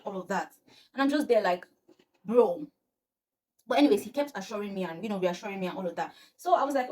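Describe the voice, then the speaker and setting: A woman's voice: high voice, lively intonation, quick pace, darkish tone. A young woman, telling a personal story to her viewers in a dramatic, exclamatory way. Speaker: vlogger. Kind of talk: storytime vlog.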